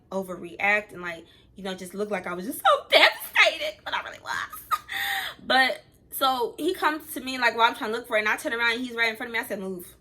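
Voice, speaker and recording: A young adult woman telling a casual, rambling storytime, acting out the things people said. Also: mid-range voice. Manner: rambling, animated retelling that acts out quoted dialogue. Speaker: vlogger.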